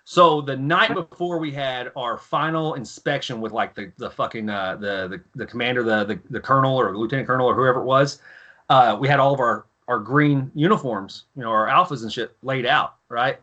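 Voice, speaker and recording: Podcast guest, thirties, man; crude, lively storytelling; bright, pushed tone. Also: mid-range voice, a little fast, dull audio. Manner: profane, animated, acts out yelling officers in his stories. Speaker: podcast guest, former Marine and author. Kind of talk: casual storytelling.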